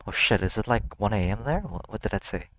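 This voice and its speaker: Lively man reacting with blurted swearing. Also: fairly low pitch, fast talker, dry recording. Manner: blurts out startled swearing and exclamations. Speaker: anime reaction host. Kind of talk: casual reaction commentary.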